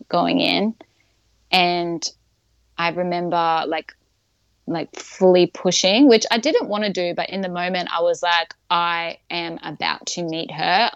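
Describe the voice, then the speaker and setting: A woman's voice: fairly low pitch, vocal fry, dry recording, lo-fi sound. A woman casually recounting a birth story, chatty with lots of fillers and frequent laughter. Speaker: guest.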